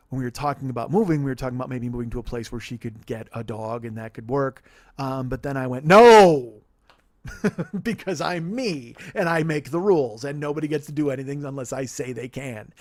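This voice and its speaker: Fast-talking profane man, dry mic. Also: mid-range voice, darkish tone, no room sound. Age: 40s. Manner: profane, self-deprecating, rambling. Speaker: podcast host. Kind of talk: casual comedic rant. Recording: dry close-mic studio sound.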